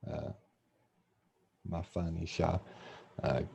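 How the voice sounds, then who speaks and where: A man's voice: low voice, flat delivery, extremely slow, gravelly, mellow, slightly rough. A man, a student in a video-call language lesson, hesitant and searching for words.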